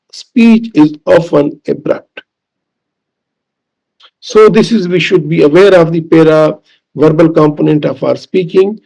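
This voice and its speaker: A man with a Pakistani English accent lecturing as a professor, deliberate and repetitive, with fillers. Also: on the high side, gravelly, a little mellow, rough recording. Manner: slow, deliberate, repeats key points with fillers. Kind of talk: recorded lecture.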